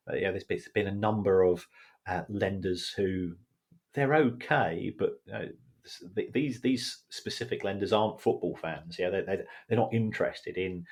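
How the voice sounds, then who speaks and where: A man co-hosting a podcast as the football finance expert, explaining in a casual, hesitant way and often repeating words. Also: lowish voice.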